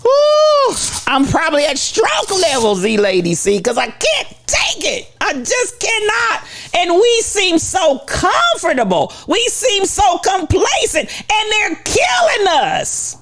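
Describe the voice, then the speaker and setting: A woman hosting a livestream, giving an impassioned, preachy rant to her viewers. She swings between shouts and low asides. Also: wildly swooping pitch, takes it slowly. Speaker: livestream host.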